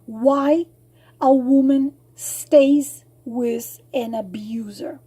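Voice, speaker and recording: Tired, husky-voiced woman speaking earnestly. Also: sits high, steady tone, dark tone. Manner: earnest, halting with many fillers, sudden emphatic rises. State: tired, losing her voice. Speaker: psychic channel host. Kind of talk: solo talk to camera.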